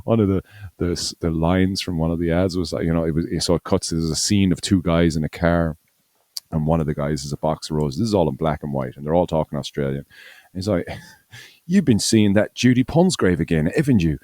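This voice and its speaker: Very deep-voiced man, chatty and rambling. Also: fairly even intonation, fast, dark tone, no room sound, clean studio sound. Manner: rambling, laughs often, restarts. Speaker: podcast co-host. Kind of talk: casual chat.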